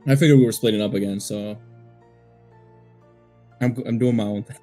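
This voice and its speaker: A man's voice: lowish voice, moderate pace, dark tone, soft background music. A man playing a tabletop game, talking in a confident, conspiratorial way. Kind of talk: in-character role-play.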